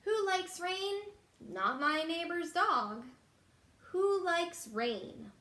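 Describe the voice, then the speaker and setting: A woman from Texas reading a picture book to children as a teacher, playful and animated, pausing for them to guess and dropping into hushed asides. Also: very high-pitched. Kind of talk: children's read-aloud storytime. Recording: roomy echo.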